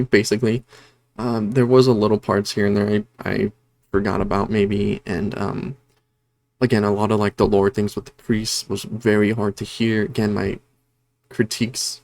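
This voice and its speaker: Gravelly low-voiced man rambling casually. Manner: rambling, heavy on fillers like "um" and "like"; lively retelling of scenes. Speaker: horror movie reviewer. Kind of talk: casual spoken movie review.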